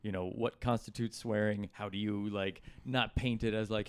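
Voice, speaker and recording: A man's voice: lowish voice, fairly quick, hardly any pauses, a little mellow, clear, resonant tone, no room sound. A middle-aged man telling rambling stories in casual chat, with lots of fillers and restarts. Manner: rambling anecdotes with many fillers. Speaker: guest comedian and musician. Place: hotel room.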